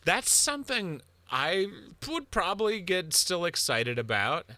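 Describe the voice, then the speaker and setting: A man co-hosting a podcast in casual comedic chat, rambling and halting and laughing often. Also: sits high, huge pitch swings, sharp tone, no echo. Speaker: podcast co-host.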